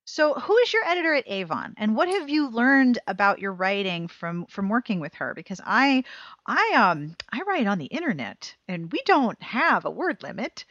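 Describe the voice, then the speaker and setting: Lively woman host, dry lo-fi sound. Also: mid-range voice, moderate pace, dry recording. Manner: sympathetic, lively reactions, joking. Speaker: podcast host. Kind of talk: casual interview chat.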